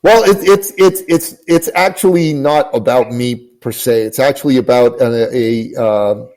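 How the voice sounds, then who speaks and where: A man's voice: medium pitch, measured pace, a little mellow, rough recording. Earnest emphatic man telling a story. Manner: earnest, emphatic, repeats phrases. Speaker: guest, business coach. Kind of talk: podcast interview storytelling. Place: lives in Canada.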